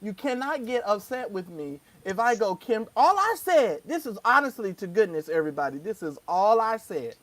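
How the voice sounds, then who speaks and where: A woman's voice: mid-range voice, normal speed, few pauses, dry recording. A woman co-hosting a live stream, chatting casually and acting out quotes as she tells a story. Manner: animated storyteller who acts out quotes. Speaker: co-host of a live stream show. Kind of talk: casual chat.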